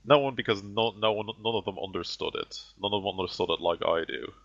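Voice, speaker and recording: A man voicing a callous, condescending ancient heretic sorcerer who gives slow, grandiose speeches. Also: fairly low pitch, fairly bright tone. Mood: menacing. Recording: dull lo-fi audio.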